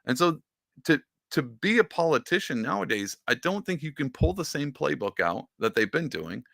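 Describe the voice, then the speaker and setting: A man's voice: fairly high pitch, big pitch swings, moderate pace, vocal fry, fairly bright tone, no echo, studio quality. A man hosting a podcast, giving casual, rambling political commentary with sarcastic asides. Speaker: podcast host.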